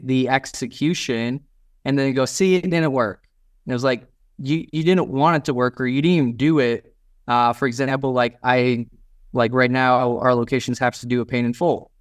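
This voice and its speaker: A man's voice: medium pitch, smooth, no echo, studio quality. A man hosting a casual business interview, talking bluntly, cursing now and then, and acting out what people say. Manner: blunt, swears casually, quotes people in little acted lines. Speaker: podcast host.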